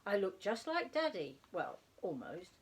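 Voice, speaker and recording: A woman voicing an eager, excitable little male barn owlet in a storybook reading. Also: measured pace, breathy edge. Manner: high, eager and loud.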